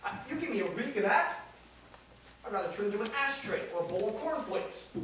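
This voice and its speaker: Male actor as a high, lively, rambling New York drifter; stage monologue caught from far off in an echoey, noisy room. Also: fairly quick. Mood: pleading. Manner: rambling, animated, mimics passers-by. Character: restless witty out-of-work New York man.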